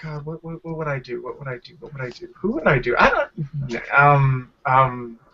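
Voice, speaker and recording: An excitable man hosting a casual group chat over an online call, laughing often and tripping over his words. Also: mid-range voice, moderate pace. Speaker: podcast host. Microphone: online video call. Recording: lo-fi online call audio with faint noise.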